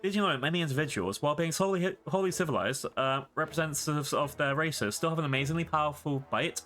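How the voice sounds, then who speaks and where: A man's voice: a little high, fast, a bit bright, close to an everyday voice. A man voicing an eccentric female scientist who is curious, blunt and matter-of-fact, reading game dialogue aloud. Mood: clinical.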